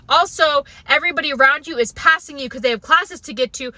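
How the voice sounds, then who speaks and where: A young adult woman comedian telling a funny personal story in an animated, self-mocking way. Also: high voice, quick pace, no room sound. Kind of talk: comic storytelling.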